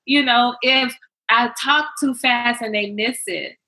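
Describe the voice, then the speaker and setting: A middle-aged woman, a guest in a candid interview, talking as an emphatic, animated storyteller. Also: a little high, slow pace, low-quality recording. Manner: emphatic, animated storyteller with repeated rhetorical questions.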